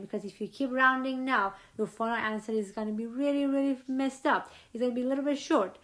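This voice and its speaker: A woman's voice: fairly high pitch, fairly even intonation, fairly quick, hardly any pauses, a bit bright. A woman teaching a chemistry lecture, asking questions and repeating key points for students. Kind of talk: recorded lecture.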